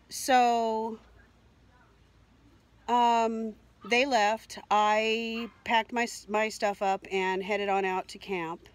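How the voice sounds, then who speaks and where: A woman's voice: fairly high pitch, fairly even intonation, drawn-out words. Rambling upset woman vlogger. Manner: rambling, upset, frequent fillers and repeats. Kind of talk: emotional personal storytelling.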